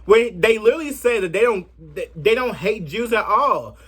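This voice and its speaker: A man giving a brash, profane commentary rant in a sassy, animated way. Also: high voice, normal speed, slightly rough. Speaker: commentary vlogger.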